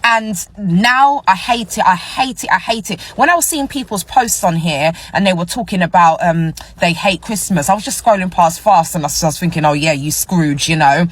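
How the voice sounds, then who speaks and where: Ranting husky woman in her forties. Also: medium pitch, moderate pace, hardly any pauses. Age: 40s. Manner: blunt, swears, repeats herself. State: stressed. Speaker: vlogger. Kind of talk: casual ranting to followers.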